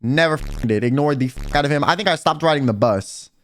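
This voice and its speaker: A young man telling a personal storytime in casual, profane slang, animated and blunt. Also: a little high, fast talker. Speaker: vtuber and livestreamer. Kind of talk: storytime rant.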